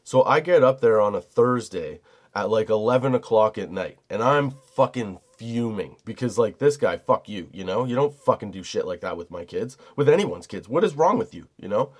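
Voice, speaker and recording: A man's voice: on the low side, lively intonation, normal speed. A middle-aged man hosting a comedy podcast, telling a heated, profane story as a single dad. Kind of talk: storytelling monologue.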